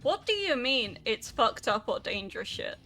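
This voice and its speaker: A young woman rambles casually to her stream, laughing and swearing as she plays. Her voice sits a little high with a bright, sharp edge. Faint game music plays behind her. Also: very animated, moderate pace. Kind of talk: casual rambling while gaming.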